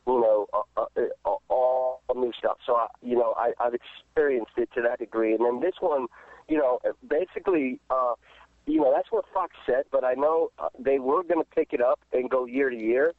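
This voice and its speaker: A man's voice: medium pitch, animated, normal speed, dry recording. A man who is an actor, answering interview questions in a rambling, casual way with many restarts and fillers. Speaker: actor guest. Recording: dry tinny phone line.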